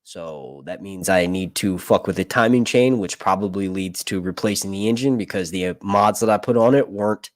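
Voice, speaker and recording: A man's voice: sits low, normal speed, hardly any pauses, dry recording, studio quality. A man giving casual, profane movie commentary, rambling between jokes and reading passages aloud. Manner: profane, rambling, jokey asides. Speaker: film reviewer.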